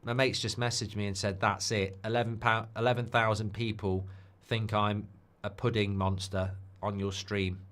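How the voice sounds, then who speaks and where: A man's voice: on the low side, level tone, moderate pace, hardly any pauses, a bit bright. A man hosting a football watchalong stream in a casual, chatty, jokey way, reading viewer comments aloud. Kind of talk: casual live-stream chat.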